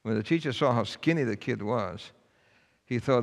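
A man's voice: medium pitch, normal speed, gravelly. A man preaching a sermon, telling a story in a folksy, earnest way. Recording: long hall reverb.

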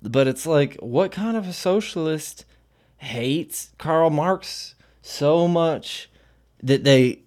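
A man's voice: a little high, animated, slow pace, darkish tone. A man streaming casual commentary while reading aloud, rambling with many fillers and blunt profanity.

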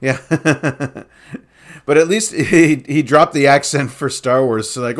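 A man's voice: mid-range voice, takes it slowly. Laughing man in casual chat. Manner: laughs often, repeats himself when starting sentences. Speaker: podcast co-host.

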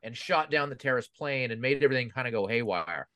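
A man's voice: mid-range voice, lively intonation, fast, no room sound, muffled recording. Wry man, dry close sound. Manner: wry and critical, laughs while talking. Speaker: podcast co-host. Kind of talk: casual movie discussion.

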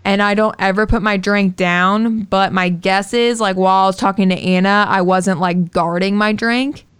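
A woman's voice: medium pitch, fairly even intonation, normal speed, fairly bright tone, clear, resonant tone, no echo, clean studio sound. A young woman co-hosting a podcast, telling a personal story in casual chat, candid and swearing freely. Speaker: podcast co-host.

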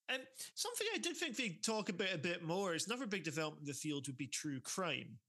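A man co-hosting a film podcast in casual chat, animated and laughing often. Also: high voice, a little fast. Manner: animated, laughing often, mimics characters in quotes. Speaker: podcast co-host.

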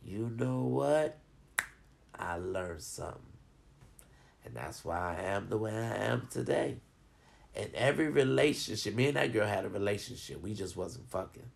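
A man telling a rambling, profane personal story and giving advice to his viewers in a casual, animated way. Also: on the low side, brisk, creaky, slight background noise.

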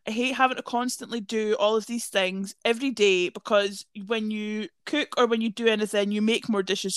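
A woman's voice: on the high side, no room sound. A young woman, chatting casually as a podcast host, sweary and gushing, with long run-on rants. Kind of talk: casual chat.

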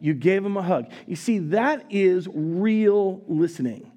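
In a church sanctuary, a pastor preaches a live sermon with audience interaction, teasing his congregation and laughing often. His voice sits high and has a dark tone, with lively intonation and a measured pace.

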